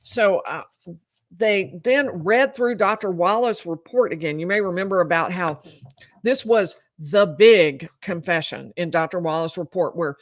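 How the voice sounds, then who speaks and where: A woman giving animated, incredulous commentary while recapping trial testimony and acting out quoted dialogue. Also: on the low side, a little slow, no echo, clean studio sound. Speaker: legal commentator.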